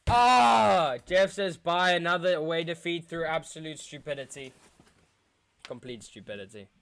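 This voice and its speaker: A man's voice: on the high side, moderate pace, fairly bright tone. A young man from England streaming a football watchalong, groaning and sighing in dejection as he talks to his chat. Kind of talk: live football watchalong reaction.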